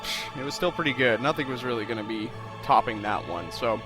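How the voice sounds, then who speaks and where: Hosting a let's-play video, a man with a medium-pitched voice talks briskly and casually over background music. He's chatty and self-deprecating, rambling through his plans with frequent fillers.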